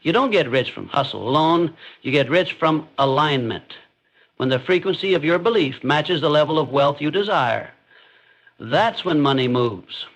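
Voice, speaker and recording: A man's voice: on the high side, animated, normal speed, a bit bright, low-quality recording. A man giving scripted motivational narration in an intense, emphatic, declarative way.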